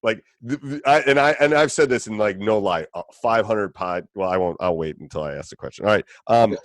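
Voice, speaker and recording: A middle-aged man, a basketball coach hosting a podcast, talking in an animated, opinionated way in casual chat. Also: fairly low pitch, fairly quick, dry recording, studio quality.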